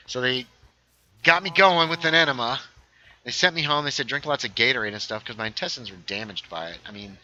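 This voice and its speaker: A man's voice: mid-range voice, pushed and bright, a little hiss or hum, low-quality recording. A man casually chatting on a gaming livestream, rambling through stories and reading chat aloud. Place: home setup, playing a game.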